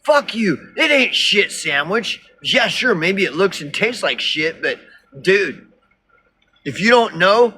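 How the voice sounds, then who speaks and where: A man voicing an angry, defensive online crowd of men who shout insults. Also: high-pitched, very animated, takes it slowly, breathy edge, pitched above the performer's own voice, full character voice. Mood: indignant.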